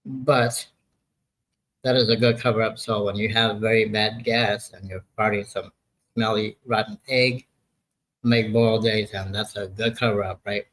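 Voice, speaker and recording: Gravelly sixty-year-old man rambling on a livestream. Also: lowish voice, little pitch movement, normal speed, a bit bright, a little hiss or hum, poor audio. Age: 60s. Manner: rambling, profane, laughs at his own jokes. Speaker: livestream host. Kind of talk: casual live chat.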